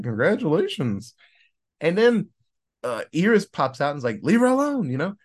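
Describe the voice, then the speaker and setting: A man hosting a film podcast, casually retelling a movie's plot and acting out the characters' lines in quick voices. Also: on the high side. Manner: swears freely. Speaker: podcast host reviewing a film.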